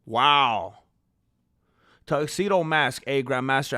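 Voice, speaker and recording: A male YouTuber casually chatting on a livestream and reading viewer comments, shifting from calm musing to loud disbelief. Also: mid-range voice, takes it slowly, long pauses, dry recording, studio quality. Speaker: MMA news YouTuber.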